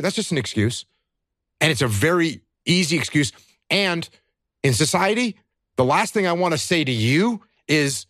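A man's voice: on the high side, lively intonation, moderate pace, a bit bright, no room sound, clean studio sound. A man, a veteran who has lost friends, talking earnestly to other veterans about emotions. He asks himself questions, answers them, and repeats his key points. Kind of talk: earnest conversational advice.

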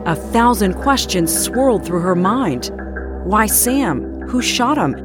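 A woman giving measured, dramatic scripted narration for a true-crime program. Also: medium pitch, lively intonation. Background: music.

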